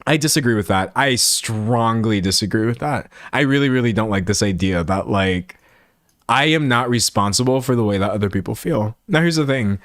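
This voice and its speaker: A man chatting casually on a livestream, animated and laughing often. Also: on the low side, moderate pace, dry recording, studio quality. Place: home streaming setup in front of a pink backdrop.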